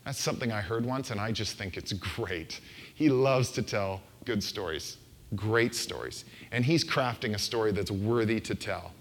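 A man's voice: on the low side, normal speed. A man preaching a sermon into a microphone in a conversational, playful way, sometimes acting out quoted voices. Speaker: pastor. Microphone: handheld microphone.

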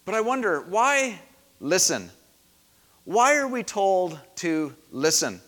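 A man preaching a sermon in a dramatic way, often dropping to a hush and then rising loud for emphasis. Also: sits high, sing-song, takes it slowly. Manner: dramatic, varies loudness for emphasis. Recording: long hall reverb.

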